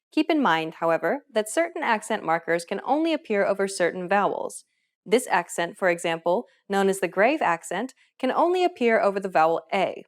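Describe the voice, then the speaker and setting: A woman hosting a language course, reading a scripted lesson in a clear, even teaching manner. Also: medium pitch.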